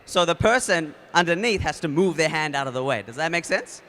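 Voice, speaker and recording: A brisk male conference speaker with a New Zealand accent gives a talk in a loose, energetic way, leading the audience in a game. His slightly high voice sounds bright and forward, and his casual delivery is full of fillers and restarts.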